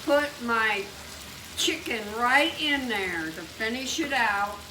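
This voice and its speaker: A woman chatting excitedly as she cooks a meal at home, exclaiming as she goes. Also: a little high, slow pace. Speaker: home cook showing a recipe. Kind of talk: casual cooking demonstration. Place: home kitchen. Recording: echoey kitchen, distant mic, frying noise. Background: sizzling frying pan.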